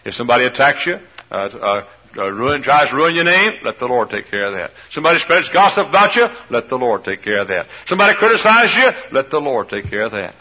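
A man preaching as a pastor, telling a Bible story in an animated way and acting out the people in it. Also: medium pitch, quick pace. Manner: animated storytelling, voices quoted characters. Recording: dull lo-fi old sermon recording.

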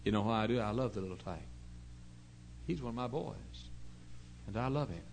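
A middle-aged man pastor preaching a sermon in an earnest storytelling way, dropping to hushed asides and rising to loud emphasis. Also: fairly low pitch, moderate pace, slight background noise, rough recording. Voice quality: gravelly.

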